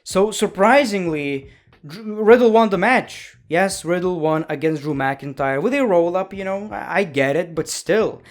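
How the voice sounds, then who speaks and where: A man talks through his review of a wrestling show in a loose, chatty way. His voice sits a little high for a man, and he fills the gaps with "you know" and "uh" and often corrects himself. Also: unhurried. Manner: chatty, opinionated, with frequent fillers and self-corrections. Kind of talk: casual review commentary.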